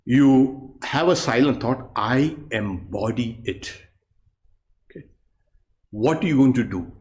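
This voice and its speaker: Man, meditation teacher, unhurried pace, pausing explanations, online class. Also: medium pitch, animated, darkish tone. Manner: slow, measured and explanatory, with many pauses and fillers. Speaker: yoga teacher, monk. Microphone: online class recording.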